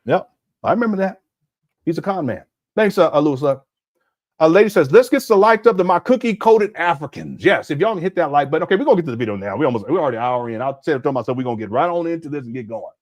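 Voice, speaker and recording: Middle-aged male livestream host, lively swings in pitch, slightly high voice, emphatic and chatty, laughs often. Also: fast talker. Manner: animated, laughing, emphatic, conversational with chat. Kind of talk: casual livestream commentary.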